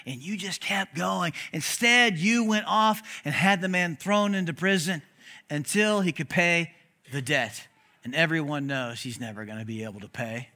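A male pastor delivers a sermon in a high, bright voice. He keeps it animated and conversational, tossing joking asides to the congregation.

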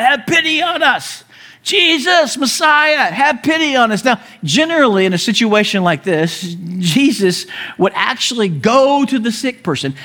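Animated high-voiced male preacher. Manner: animated storytelling, acting out voices, chuckling. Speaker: pastor. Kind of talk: sermon.

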